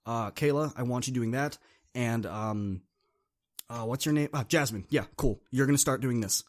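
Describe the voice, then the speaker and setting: A man's voice: medium pitch, moderate pace, lightly acted. A man voicing a bossy teenage boy who takes charge of a group project. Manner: loud, pushy, directive.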